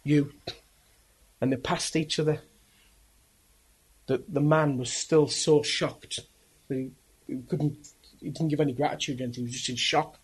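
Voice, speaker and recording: A man preaching, telling a story earnestly and emphatically, with halting restarts. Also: on the high side, steady tone, husky, rough recording. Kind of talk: dramatic storytelling sermon.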